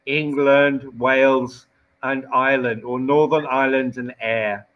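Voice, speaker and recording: A man teaching English in a casual online lesson, explaining slowly and patiently with many fillers. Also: medium pitch, little pitch movement, muffled recording.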